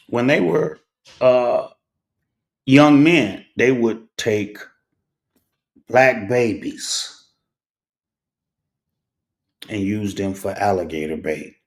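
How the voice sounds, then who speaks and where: A middle-aged man hosting a talk show, telling a personal story in a deliberate way, pausing often and checking in with "right?". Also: on the low side, darkish tone. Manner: deliberate, with pauses and rhetorical "right?". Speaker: host.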